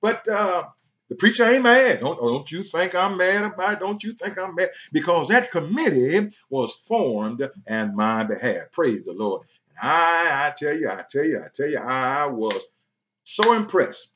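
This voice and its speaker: A man's voice: on the high side, expressive, unhurried, few pauses, fairly bright tone. A male pastor runs through church announcements, dropping an amen or a praise the Lord after nearly every phrase. The sound is dull and lo-fi, like an online service stream. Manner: punctuates with frequent amens and praise the Lords; breaks into singing.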